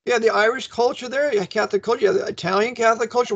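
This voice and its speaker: Host, male, high and gravelly, husky edge, combative ranting delivery, dull lo-fi sound. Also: fairly even intonation, racing. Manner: combative, ranting, rhetorical questions. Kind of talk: call-in radio talk.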